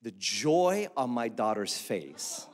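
A male pastor, likely in his thirties or forties, telling a funny family story in a sermon with animated, self-mocking humor. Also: medium pitch, slow pace. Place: church hall. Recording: echoey church hall.

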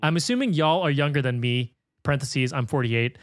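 A man's voice: mid-range voice, a little fast, no room sound. Upbeat guy hosting a movie podcast, reads listener mail, dead dry audio. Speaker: podcast host. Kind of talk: casual podcast chat, reading listener emails.

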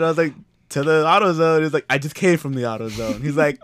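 A man's voice: a little high, fairly quick, no echo. A young man co-hosting a podcast, telling stories and acting out what people said, with lots of laughing. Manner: lively storyteller, jokey, acts out dialogue. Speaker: podcast co-host. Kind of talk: casual chat.

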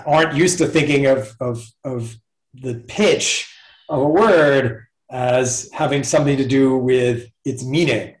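A man of middle pitch talking through an idea patiently and step by step, as a guest in a relaxed interview. His voice carries a noticeable roomy echo. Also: a little slow. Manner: thoughtful, explains step by step. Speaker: guest mathematics professor. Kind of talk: casual conversational interview.

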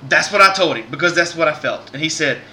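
Bright-voiced man telling a story. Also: fairly high pitch, expressive, fast, slight background noise. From Southern United States. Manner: earnest, rambling, many restarts. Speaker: podcast host. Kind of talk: casual podcast storytelling.

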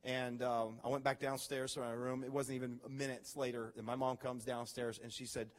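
A man preaching a sermon as pastor, telling stories with animated, acted-out reactions. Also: mid-range voice, moderate pace, big-room sound. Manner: animated storytelling, acts out his own reactions.

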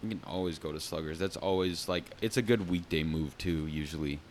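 A man's voice: a bass voice, fairly quick, slight background noise. A young man co-hosting a podcast, talking in a laid-back, rambling way and teasing his co-host. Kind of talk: casual podcast chat.

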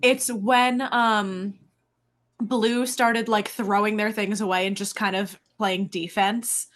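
A woman co-hosting a podcast, telling stories in a lively, laughing way. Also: medium pitch. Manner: animated storytelling with quick laughs. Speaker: podcast co-host. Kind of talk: casual recap chat.

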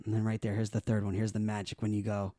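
A man hosting a podcast in a studio, telling stories in a lively, profane way and acting out the scenes. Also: on the low side, fast talker, no echo. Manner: animated, profane, acts out scenes. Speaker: podcast host. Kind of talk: casual podcast storytelling.

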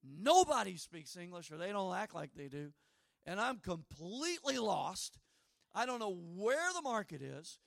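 A man's voice: high voice, measured pace, creaky, dry recording, clean studio sound. A middle-aged man preaching a sermon, telling personal stories and acting out the dialogue in them. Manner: storytelling, acts out dialogue, animated asides.

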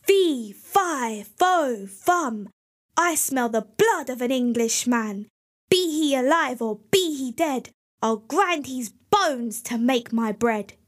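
A woman voicing a huge, bellowing male ogre in a storybook reading, chanting in a booming voice. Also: animated, slow pace, full character voice. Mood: menacing.

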